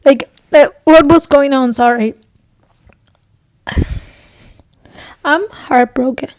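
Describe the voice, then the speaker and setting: A woman's voice: high-pitched, takes it slowly, a little mellow, no room sound, studio quality. A young woman chatting casually in a reading vlog, rambling and emotional, swearing often and sometimes dropping to a whisper. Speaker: book vlogger.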